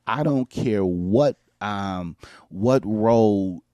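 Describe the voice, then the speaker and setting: Mellow-voiced pastor preaching to his viewers. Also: fairly low pitch, extremely slow, no echo, clean studio sound. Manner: preacher-style call and response. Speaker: pastor and show host. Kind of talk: motivational talk.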